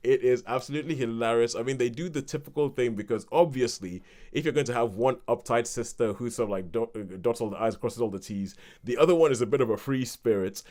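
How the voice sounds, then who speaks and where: A man's voice: medium pitch, quick pace, hardly any pauses, a little mellow. A man co-hosting a podcast, chatting casually and rambling through a review with laughs between points. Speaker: podcast co-host.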